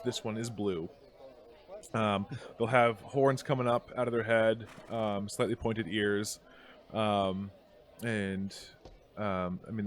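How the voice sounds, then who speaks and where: A man running a tabletop game over a video call, narrating haltingly with many pauses and frequent laughs. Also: lowish voice. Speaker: game master.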